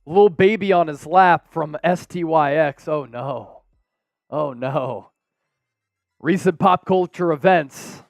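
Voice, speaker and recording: A young man hosting a live sports stream, calling the plays and reading out chat shout-outs with energetic, excitable bursts. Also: fairly high pitch, gravelly, dry recording, clean studio sound.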